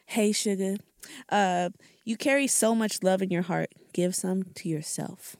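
A woman's voice: lowish voice, unhurried, a little mellow, no room sound, studio quality. A woman guest on a podcast, upbeat and affirming in casual chat.

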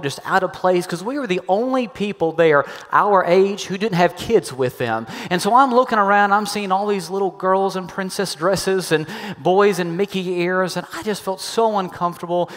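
Animated male preacher in a reverberant hall. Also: on the high side. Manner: animated storyteller, acts out quoted voices. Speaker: pastor. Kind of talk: sermon with storytelling.

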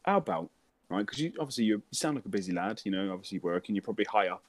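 Animated young British man telling a story. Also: fairly low pitch, rapid-fire, no room sound. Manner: animated storytelling, swearing, mimics voices and laughs. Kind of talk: casual chat.

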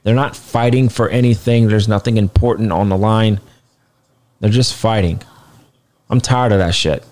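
A man with a somewhat low voice talks through a wrestling show review in a loose, opinionated way. He is blunt, drops the odd curse word and rambles into asides, sounding tired throughout. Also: moderate pace, a little mellow. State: tired, yawning.

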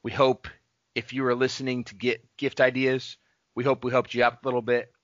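Earnest bright-voiced podcast host man. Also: mid-range voice, monotone, fairly quick, no echo. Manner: earnest, encouraging, sign-off announcements. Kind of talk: casual faith-based podcast chat. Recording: dull lo-fi podcast mic.

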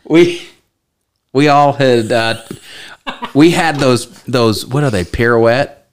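A man who used to be a radio DJ, chatting as a guest on a podcast. He rambles through his stories and laughs often. His voice sits at an average pitch. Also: slow, slight background noise. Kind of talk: casual podcast chat.

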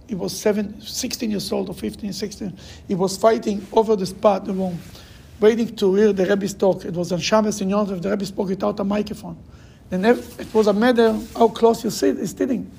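A man's voice: high-pitched, steady tone, fairly quick, gravelly, a little mellow, breathy edge. A man teaching a Torah class, emphatic, repeating phrases to drive his points home and telling stories. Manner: acts out quoted people in raised voices.

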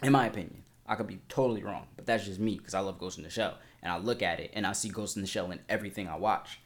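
A young man chatting casually about a video game, rambling excitedly with lots of slang, filler words and casual swearing. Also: low voice, fast talker. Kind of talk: casual gaming vlog chat.

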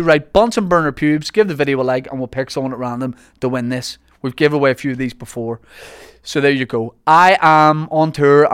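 Joking podcast host. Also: male voice, mid-range voice, smooth, dry recording, clean studio sound. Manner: jokey, teasing, quick asides. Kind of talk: casual podcast banter.

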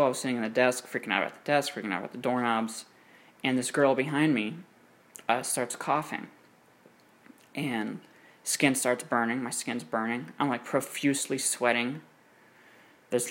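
Young guy rambling thru a story, lots of "like" and cursing, mid-pitched voice. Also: a bit bright. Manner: casual, filler-heavy, swears often. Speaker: podcast host. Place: room with air conditioning running.

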